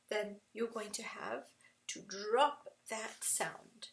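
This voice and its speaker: A woman's voice: mid-range voice, steady tone, slow pace, gravelly, distant mic, low-quality recording. A woman teaching tajweed at a whiteboard, explaining patiently and often checking in with "right?".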